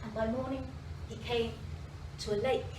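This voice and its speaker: A woman storyteller performing a fairy tale live in a library, expressive, with dramatic pauses and voiced sound effects. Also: a little high, noisy background. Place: library event space, indoors. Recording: echoey room from a distance.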